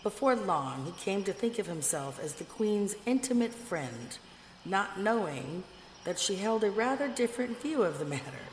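A woman narrating a fairy tale in a measured, expressive reading. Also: medium pitch. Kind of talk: storybook reading. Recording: echoey room with long reverb, faint noise.

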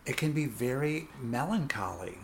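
A woman's voice: very deep voice, lively intonation, moderate pace, creaky. Woman radio co-host, rambling, filler-heavy, background hiss. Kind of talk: casual radio chat. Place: radio studio. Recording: noisy studio recording.

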